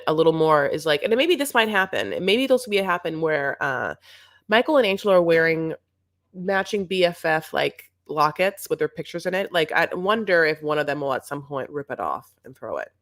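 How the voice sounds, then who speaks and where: A woman's voice: low-pitched, lively intonation, a little fast, a bit bright. A young woman co-hosting a TV recap show, chatting casually in a sarcastic, rambling way. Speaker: co-host of a reality TV recap show. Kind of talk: casual chat.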